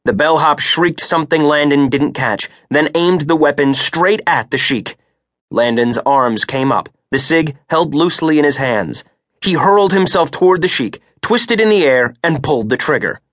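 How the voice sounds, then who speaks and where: A man's voice: on the high side, no room sound. Man narrating a thriller, dry and close. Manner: steady, measured, rising for action beats. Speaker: audiobook narrator. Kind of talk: scripted narration.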